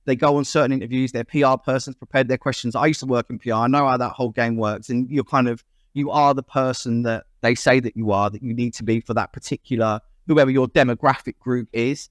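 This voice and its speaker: A man, a guest on a podcast, talking casually, frank and animated. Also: mid-range voice, quick pace, dry recording, studio quality. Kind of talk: casual chat.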